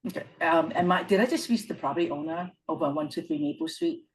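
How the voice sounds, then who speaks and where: A woman's voice: low-pitched, expressive, quick pace, low-quality recording. A woman real estate agent in a training workshop, talking hesitantly and laughing easily. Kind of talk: workshop role-play and chat.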